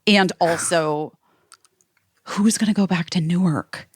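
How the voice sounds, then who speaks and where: A woman's voice: on the low side, unhurried, no room sound, clean studio sound. A woman hosting a podcast, telling a story in casual chat with lots of fillers. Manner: animated storytelling with many "like" fillers. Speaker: podcast host.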